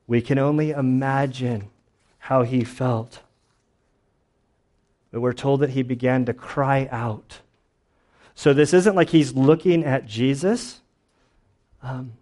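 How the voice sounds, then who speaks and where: A man's voice: mid-range voice, a little mellow. A man preaching a sermon in a casual, conversational way, telling stories with lots of fillers and restarts. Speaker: pastor.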